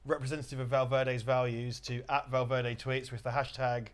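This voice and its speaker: Jokey livestream host. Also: male voice, medium pitch, little pitch movement, moderate pace, clean tone. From England. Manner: jokey, reads questions aloud. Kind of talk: casual livestream chat, reading viewer comments.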